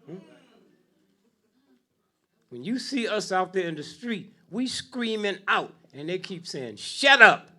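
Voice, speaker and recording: Older man preaching slowly, huh?. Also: sing-song. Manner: punctuates lines with "huh?" and "hmm?", swings from low mutter to loud outbursts. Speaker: speaker addressing an audience. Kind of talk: preaching-style speech to a live audience.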